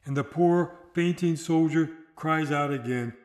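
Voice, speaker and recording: A man delivering a sermon in a solemn, measured way, slowing down for dramatic quotations. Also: on the high side, echoey room. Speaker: preacher.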